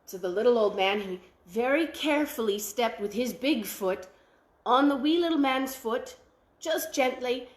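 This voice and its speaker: A woman telling a traditional folktale aloud at a library, animated and full of sound effects. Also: on the high side, unhurried, echoey room. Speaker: library storyteller.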